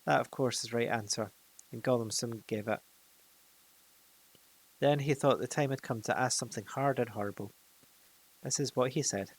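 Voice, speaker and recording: A man's voice: mid-range voice, normal speed, pauses often, rough recording. A man reading a fantasy storybook aloud, with occasional slips and restarts. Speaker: narrator.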